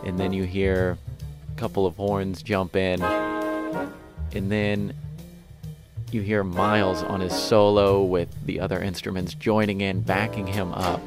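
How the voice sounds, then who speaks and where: A man co-hosting a podcast, speaking in a measured, explanatory way in casual chat. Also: low voice, flat delivery, loud music behind the voice. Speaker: podcast co-host.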